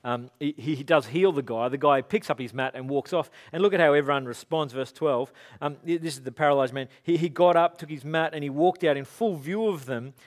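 A man's voice: on the high side, a little fast, hardly any pauses. A man giving a casual, conversational sermon, telling stories and acting out quotes. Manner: casual, animated storytelling with acted-out quotes. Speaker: pastor.

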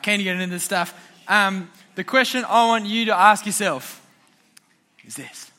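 Bright chatty man. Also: a little high. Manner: chatty storyteller, laughing often. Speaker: youth pastor. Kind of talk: casual youth talk.

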